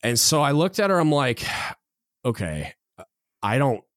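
A male podcast host telling a story in a relaxed way, with fillers, dropping lower when he quotes others. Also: a little slow, no room sound, clean studio sound. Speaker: podcast host, Navy chief. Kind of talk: casual chat.

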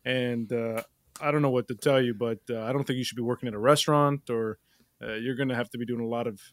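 A man doing improv comedy, chairing a meeting and then playing a doctor, with halting, filler-heavy delivery. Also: medium pitch, fairly even intonation, dry recording.

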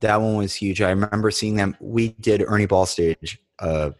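A man's voice: fairly low pitch, steady tone, moderate pace. A man, a touring band musician, telling stories in casual chat, rambling and full of "like" and swearing.

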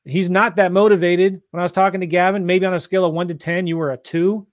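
Energetic salesy guy coaching on a live stream, kinda high voice, dry. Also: quick pace, no echo. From St. Louis. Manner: pushy, energetic sales talk. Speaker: real estate investing coach. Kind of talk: livestream coaching chat.

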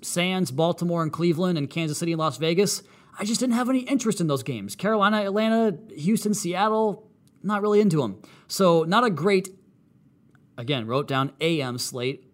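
A man in his thirties with a fairly high voice, talking through his weekend as a casual podcast monologue. He is animated and swings up in pitch for emphasis. He also drops low and quiet for dry, sarcastic jokes. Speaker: podcast host.

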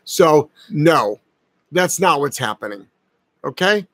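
A man's voice: fairly high pitch, animated, slow pace, no room sound. A middle-aged man, a dog trainer hosting a casual live-stream advice chat, talking bluntly and emphatically and ranting with profanity. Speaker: dog trainer and show host.

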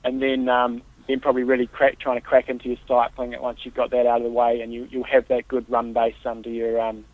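A man co-hosting a casual podcast as a triathlon coach, patiently giving steady, practical training advice. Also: mid-range voice, fast, no room sound. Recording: tinny phone-like line, dry.

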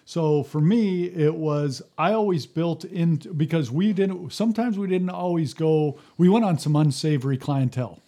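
Higher-voiced man telling work stories. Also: moderate pace, hardly any pauses, warm tone. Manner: storytelling, acts out quotes, frequent restarts. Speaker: former fire captain. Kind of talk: casual podcast conversation.

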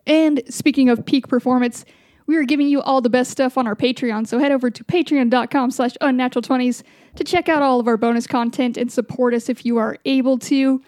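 A woman's voice: high-pitched, fairly even intonation, brisk, darkish tone, dry recording, studio quality. A woman hosting a podcast, chatting casually with friends and reading the show's outro, upbeat and swearing freely. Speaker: podcast host.

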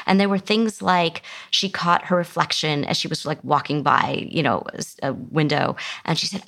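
A woman's voice: low voice, normal speed, gravelly, fairly bright tone. A middle-aged woman, a psychotherapist guest in an interview, who explains things earnestly and often restarts her sentences. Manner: earnest, explanatory, many restarts, acts out quotes. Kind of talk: conversational interview.

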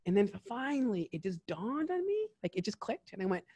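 A man's voice: sits high, big pitch swings, brisk, darkish tone, breathy edge, no room sound. A man hosting a casual chat show who talks in a rambling, digressive way and slips into French. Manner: chatty and digressive, switching into French. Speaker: podcast host.

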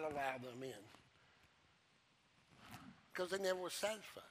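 A male pastor preaching a sermon, emphatic and repetitive, swinging from loud declarations to hushed low phrases. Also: lively intonation, measured pace, long pauses.

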